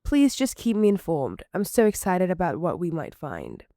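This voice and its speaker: Woman doing a polite transatlantic lady in her late 40s, low-ish voice that swings around a lot, gushing and gracious. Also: wildly swooping pitch, normal speed, no echo, clean studio sound. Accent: transatlantic British-American. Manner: polite, warm and effusive. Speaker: student reader. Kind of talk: amateur story reading.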